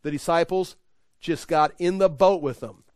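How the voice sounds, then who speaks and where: A man teaching the Bible in an animated, conversational way, often laughing. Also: on the high side, normal speed, no echo, studio quality.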